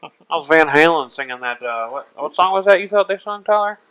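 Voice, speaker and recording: A man's voice: on the high side, lively intonation, fairly quick, fairly bright tone, clear, resonant tone, rough recording. A young man co-hosting a podcast in casual chat, teasing his friends and slipping into silly voices. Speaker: podcast co-host.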